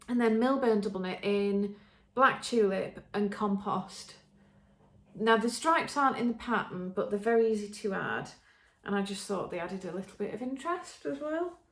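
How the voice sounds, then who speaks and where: An English woman hosting a podcast, chatting casually and enthusiastically with many ums and restarts. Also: mid-range voice. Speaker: podcast host showing knitting. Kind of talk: casual show-and-tell chat. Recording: roomy echo.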